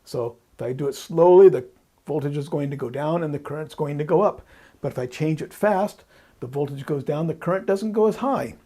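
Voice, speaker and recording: Husky-voiced man teaching electronics. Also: fairly high pitch, fairly quick, mellow. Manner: patient, repeats key points, thinks aloud. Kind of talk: explaining while drawing on a board.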